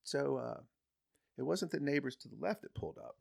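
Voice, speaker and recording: A man telling a personal story as a guest on a podcast, animated, jumping from loud emphasis to hushed asides. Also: mid-range voice, a little fast, gravelly, slightly rough. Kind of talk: casual storytelling.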